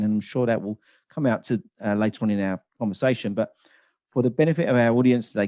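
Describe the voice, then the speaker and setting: Polished podcast host. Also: male voice, mid-range voice, warm tone, no echo, muffled recording. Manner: formal, scripted introduction then polite chat. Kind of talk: podcast interview.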